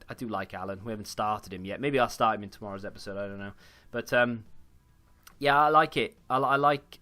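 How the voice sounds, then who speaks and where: A man's voice: fairly low pitch, sharp tone. A young man chatting casually while commentating his own football video game, rambling with frequent fillers and restarts. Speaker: gaming YouTuber.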